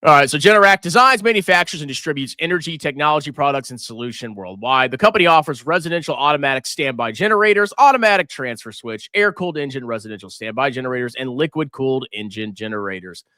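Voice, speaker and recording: A male finance streamer talks through stocks in a casual live chat, reacting loudly and cursing easily. His tone is bright and forceful, his pitch jumps all over the place, and the sound is dry and close with no room echo. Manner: excitable, swears freely, quick to laugh. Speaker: finance livestream host. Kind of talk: casual livestream stock commentary.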